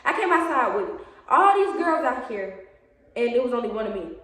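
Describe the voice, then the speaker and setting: A young woman, telling a story to her viewers in a casual, animated way. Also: fairly high pitch, normal speed. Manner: animated, chatty, addresses viewers as y'all, acts out quotes. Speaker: vlogger. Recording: very echoey room, voice far from the mic.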